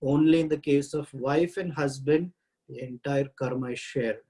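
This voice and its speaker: A man teaching a scripture class, reciting Sanskrit verses and translating them with many halting pauses. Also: mid-range voice, steady tone, dark tone, low-quality recording. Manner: halting, frequent "uh" pauses while explaining.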